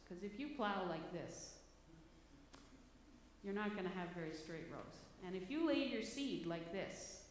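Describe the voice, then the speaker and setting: Woman preaching in an echoey hall. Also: medium pitch. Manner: conversational, storytelling, self-deprecating. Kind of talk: sermon. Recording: echoey hall, faint background noise.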